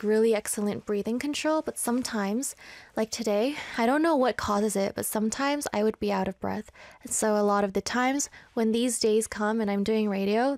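A young woman in her twenties hosts a casual radio show, chatting in a playful, self-teasing way and sounding a little out of breath. Her voice sits somewhat high. The studio sound is dry and close. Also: no echo. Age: 20s. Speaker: radio DJ and live stream host. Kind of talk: casual radio chat reading live comments. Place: small studio, in a Korean city.

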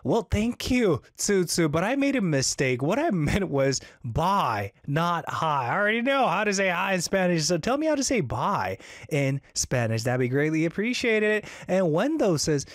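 Man, radio host, chatty and upbeat, lively swooping pitch, slightly high voice, dry close studio sound. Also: moderate pace, no room sound. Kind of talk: casual radio chat reading listener messages.

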